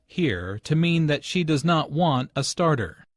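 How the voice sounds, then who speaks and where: A man narrating language notes as a teacher in slow, deliberate scripted instructional narration. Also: a little high, sing-song, no room sound, clean studio sound. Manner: slow, deliberate explanatory delivery.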